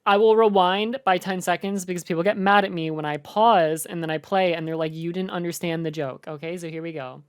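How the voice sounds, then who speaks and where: A young woman reacts live on stream, rambling and chatty and full of fillers. Her voice is on the low side for a woman. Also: fairly even intonation, brisk, few pauses, clear, resonant tone.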